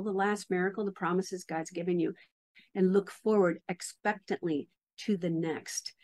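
A woman hosting a faith interview, warm with praise and enthusiastic about the book she discusses. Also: medium pitch. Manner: enthusiastic, effusive. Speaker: interview host.

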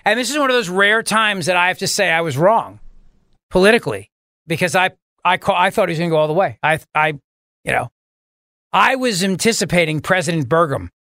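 A man's voice: high-pitched, expressive, a little fast, sharp tone, no echo, studio quality. A man hosting a radio talk show, bantering in a jokey, mock-dramatic way. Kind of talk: casual radio chat.

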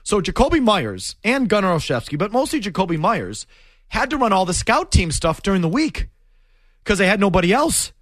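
A man's voice: sits high, fairly quick, dry recording. A man hosting a sports talk show, ranting in an emphatic, exasperated way. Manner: animated, emphatic, exasperated rants.

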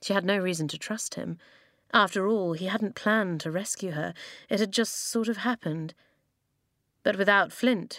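A woman reads an audiobook in a calm, even manner, her voice sitting mid-pitch. The recording is dry and close, with no room around it. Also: dry recording. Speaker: narrator. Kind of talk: audiobook narration.

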